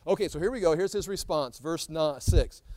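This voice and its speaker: A middle-aged man, teaching a Bible study in an animated way, often restarting his sentences. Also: fairly high pitch, brisk, no echo. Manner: animated, acts out scripture quotes, frequent restarts.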